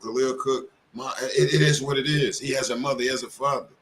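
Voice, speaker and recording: A man's voice: mid-range voice, steady tone, fairly quick, a bit bright, slight background noise. A man giving heated commentary as a show host, firing off rhetorical questions.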